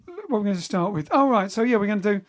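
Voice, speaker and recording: This bandleader and singer hosts his band's livestream from home during lockdown, racing through his words in a high, sing-song voice. Between songs he chats casually and rambles, stopping to correct himself.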